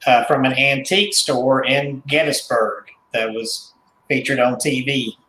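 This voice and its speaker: A man's voice: medium pitch, measured pace, bright, forceful tone. Hesitant man in an echoey room. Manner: hesitant, many fillers and self-corrections. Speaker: guest, doll collector. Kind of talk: casual interview.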